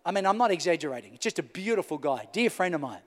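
A pastor in the middle of a sermon, telling his story with a storyteller's swings between loud bursts and near-whispers. His voice sits fairly high for a man. It carries through a large hall with a long trailing reverb. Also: sing-song, quick pace. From Australia. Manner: storytelling, rising loud and falling to a hush.

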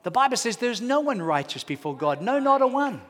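High-voiced preacher in a reverberant hall. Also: male voice, a little fast. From Australia. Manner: animated storytelling, swinging from hushed to shouting. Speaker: pastor. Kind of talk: sermon.

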